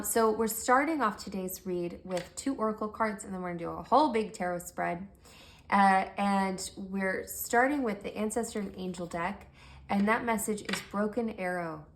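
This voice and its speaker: A woman reading tarot cards for her viewers in a gentle, affirming voice. Her tone has a gravelly, fry-tinged texture at a mid pitch, and she often eases down to a near-whisper. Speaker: tarot reader. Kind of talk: pick-a-card tarot reading.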